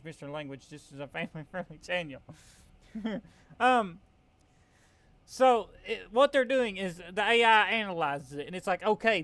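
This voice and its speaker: A young Southern US man hosts a channel with casual commentary on a survival game, venting his frustration as he goes. His high-pitched voice has a fairly bright tone, and he rambles and corrects himself.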